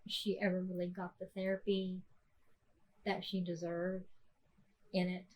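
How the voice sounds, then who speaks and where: A woman, hosting a podcast and telling a personal story softly, with many fillers and restarts. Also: on the low side, monotone, measured pace, poor audio. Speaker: podcast host.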